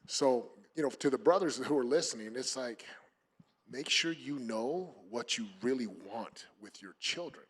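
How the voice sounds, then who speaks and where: Male panelist, husky voice, earnest and emphatic, lots of restarts. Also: medium pitch, animated, normal speed. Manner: emphatic, many fillers and restarts. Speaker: panel speaker. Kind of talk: motivational panel talk.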